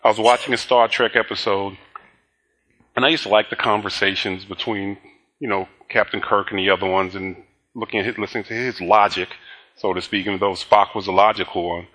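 A man's voice: lowish voice, fairly even intonation, fairly quick, sharp tone. A middle-aged male pastor preaching a sermon, telling stories with laughter and acting out both sides of conversations. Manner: storytelling with laughs and acted-out dialogue.

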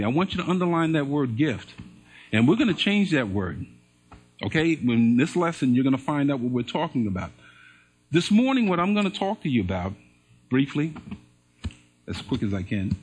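A man's voice: mid-range voice, breathy edge. A man preaching to a church congregation in a sermon, drawing them into call-and-response by having them repeat phrases and answer his questions. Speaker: pastor.

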